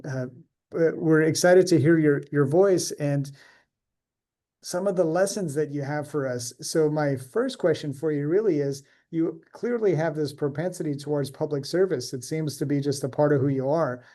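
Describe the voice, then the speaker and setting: A man's voice: fairly high pitch, normal speed, mellow. A man hosting a panel discussion, introducing guests and asking questions in an upbeat, encouraging way. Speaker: host.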